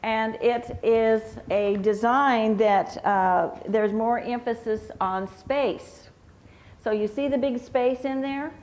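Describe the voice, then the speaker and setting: A woman teaching flower arrangement at a live seminar, explaining slowly with fillers and restarts. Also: on the high side, darkish tone. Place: convention hotel meeting room.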